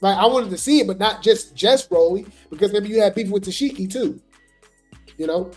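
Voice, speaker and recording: A host giving casual gossip commentary on reality TV, talking chattily and filling pauses with "right?" and "you know". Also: medium pitch, a little mellow, soft background music. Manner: chatty, full of fillers and "right?" asides.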